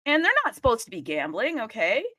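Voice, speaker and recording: A woman hosting a live audio chat room, talking excitedly and casually, often addressing listeners as "people" and checking in with "okay?". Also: fairly high pitch, fairly quick, slightly rough. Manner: animated, chatty, keeps asking "okay?" and addressing "people".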